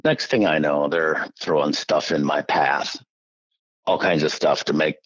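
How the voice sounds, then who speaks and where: A middle-aged man from Iowa telling his story as an interview guest in a folksy, animated way. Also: extremely low pitch, measured pace, no echo, lo-fi sound. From Iowa, USA. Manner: animated, folksy, acts out quoted voices. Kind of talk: casual storytelling.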